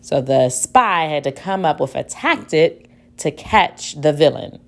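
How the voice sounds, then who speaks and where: A woman teacher giving a spelling dictation lesson, speaking deliberately, repeating each word and spelling it out letter by letter. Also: sits low, lively intonation, creaky, fairly bright tone.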